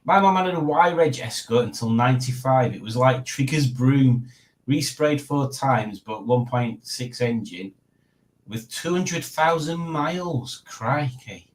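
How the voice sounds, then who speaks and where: A man's voice: mid-range voice, expressive, unhurried, poor audio. A man hosting a casual live stream, chatting and reading out viewer comments with frequent laughs. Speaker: livestream host.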